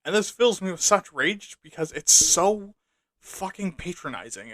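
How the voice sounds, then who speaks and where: A man's voice: fairly high pitch, pushed and bright, no room sound. A man hosting a podcast in a casual monologue, sarcastic and profane, ranting between jokes. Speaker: podcast host.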